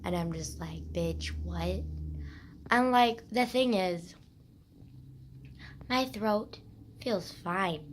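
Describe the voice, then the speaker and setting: Woman, hoarse, croaky, scratchy rasp, mid-pitched, casual rambling vlog chat, faint hiss behind. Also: slow pace, pauses often. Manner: rambling, swears often, heavy use of "like". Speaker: vlogger.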